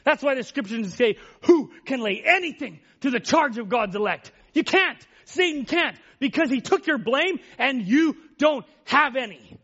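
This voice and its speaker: A male preacher delivering an emotional sermon, swinging from loud exclamations to hushed near-whispers. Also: very high voice, expressive, normal speed, hardly any pauses, breathy edge, muffled recording.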